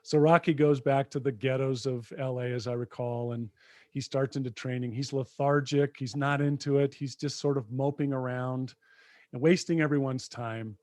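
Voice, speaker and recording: A man co-hosting a podcast, telling a story with animated energy. His voice sits at a medium pitch. It is recorded close and dry, with no room sound. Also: moderate pace, no room sound. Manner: animated storyteller, retelling film scenes. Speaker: podcast co-host. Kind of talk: casual conversation.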